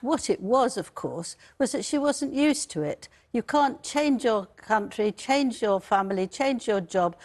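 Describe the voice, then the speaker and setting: A woman's voice: medium pitch, a little mellow. A woman royal commentator and biographer speaking firmly and emphatically in a TV panel debate. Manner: firm, emphatic.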